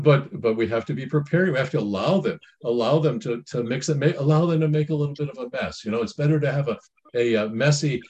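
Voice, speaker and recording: A man's voice: mid-range voice, a little mellow, highs cut off. A middle-aged man giving informal Christian family counsel. He comments on a reading in a rambling, folksy way, with many restarts and asides.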